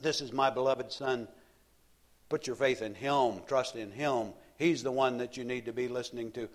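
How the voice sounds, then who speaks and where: The voice of God from heaven, slow and solemn, pitched lower than the speaker's usual talk, as a preacher puts it on. He draws each word out with grave weight. It is a plain reading of a divine voice, not a full theatrical performance. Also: fairly even intonation, close to an everyday voice. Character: booming voice of God from heaven, male.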